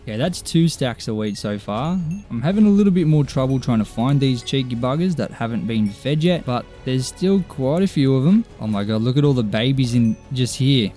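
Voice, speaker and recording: Chatty young man, mellow gameplay commentary. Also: medium pitch, expressive, fairly quick, few pauses, soft background music. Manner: chatty, upbeat, self-mocking. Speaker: gaming YouTuber.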